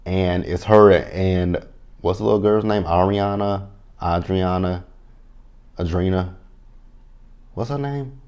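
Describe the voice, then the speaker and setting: A man's voice: low voice, slow pace, long pauses, a little mellow, clean tone. A man reviewing a reality show to camera in a blunt, profane, chatty way. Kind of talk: casual commentary to camera.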